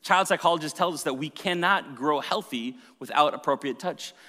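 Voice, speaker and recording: A man preaching a sermon with dramatic shifts from loud emphasis to hushed retelling. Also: a little high, normal speed. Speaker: pastor. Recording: reverberant hall.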